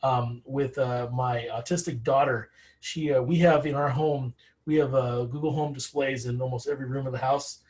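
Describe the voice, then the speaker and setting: A man co-presenting a teacher webinar, speaking in a halting way with repeated words. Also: mid-range voice, steady tone, a little mellow, poor audio.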